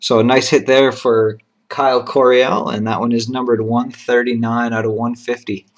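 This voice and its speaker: A man of middle pitch hosts a card box break, calling out each pulled card and its serial number at an unhurried pace. He talks in a plain, methodical way, dropping short appreciative remarks when a nice card appears. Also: little pitch movement. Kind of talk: live card-opening commentary.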